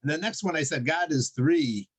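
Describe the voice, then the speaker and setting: A man's voice: fairly high pitch, normal speed, husky. A scheming priest explains his defeat in the speaker's own easy storytelling voice, as a man retells a joke. There is little change from ordinary talk. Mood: explaining.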